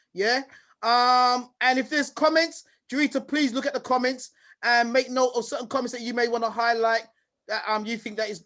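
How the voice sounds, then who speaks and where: A man hosts an online talk in a lively, playful way, reeling off shout-outs in quick lists. His voice sits notably high for a man. He comes across over a video call. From United Kingdom. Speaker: host. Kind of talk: lively online event hosting.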